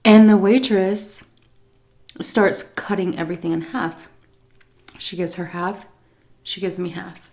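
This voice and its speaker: A woman's voice: on the low side, measured pace, pauses often, darkish tone. A woman food vlogger telling a story in a chatty, casual way while she eats, often breaking into laughs.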